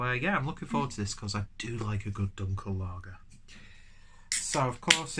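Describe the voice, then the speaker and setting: A man's voice: fairly low pitch, background noise. A man with a cold and a stuffy nose, reviewing a beer in a rambling, chatty, self-deprecating way. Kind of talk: casual review vlog.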